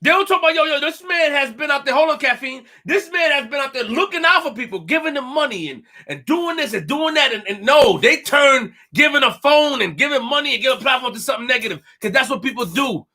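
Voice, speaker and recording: A man's voice: very high-pitched, animated, quick pace, hardly any pauses, pushed and bright. A man hosting a live stream, talking emphatically, repeating himself and addressing his chat directly. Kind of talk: animated live stream commentary.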